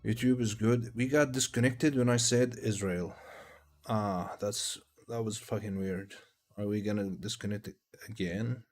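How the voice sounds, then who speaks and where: A man's voice: fairly low pitch, steady tone, a little slow. A man from Tunisia, chatting casually and profanely on a game livestream. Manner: loose, profane, rambling storytelling. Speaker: game streamer.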